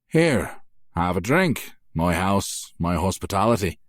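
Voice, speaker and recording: A man's voice: low-pitched, sing-song, takes it slowly, dry recording, clean studio sound, heavily acted. A male narrator voicing a scornful, menacing Irish mob boss with an Irish brogue in an audiobook. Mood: mocking. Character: mocking brutal Irish mob boss, older man. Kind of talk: audiobook character voice.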